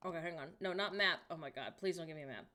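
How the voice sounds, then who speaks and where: A woman streaming, chatting casually and reacting wryly out loud to what she finds while browsing online. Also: deep voice, very fast.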